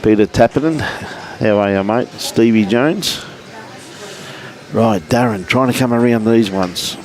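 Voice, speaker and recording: Australian male commentator, low voice, relaxed matey patter, outdoor livestream. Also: unhurried, low-quality recording. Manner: chatty, matey, greets viewers by name. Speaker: lawn bowls commentator. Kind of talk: live sports commentary. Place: outdoors at a bowls club.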